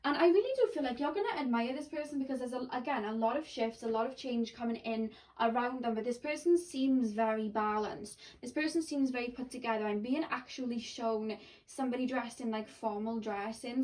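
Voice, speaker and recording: A woman's voice: fairly high pitch, fairly quick, few pauses, a little mellow, far from the mic. A woman giving a pick-a-card tarot reading, rambling and full of "like" and self-corrections. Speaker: tarot reader.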